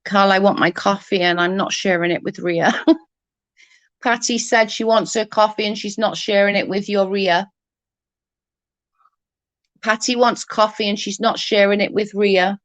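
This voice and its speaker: A woman's voice: medium pitch, fairly even intonation, a little slow, pauses often, dry recording, low-quality recording. A middle-aged British woman chatting casually with viewers on a livestream, rambling as she answers comments.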